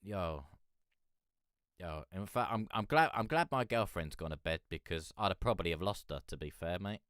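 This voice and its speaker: A young man hosting a live music review stream, chatting in a rambling, excitable way. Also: sits low, moderate pace, clear, resonant tone, no echo, clean studio sound. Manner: rambling, excitable, peppered with "mate". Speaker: music review show host. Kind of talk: casual live-stream commentary.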